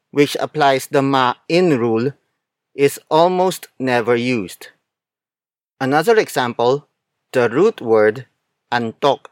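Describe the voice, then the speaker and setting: A man narrating a scripted language lesson, speaking slowly and carefully, repeating words and spelling them out letter by letter. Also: mid-range voice, no echo, studio quality. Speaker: language teacher.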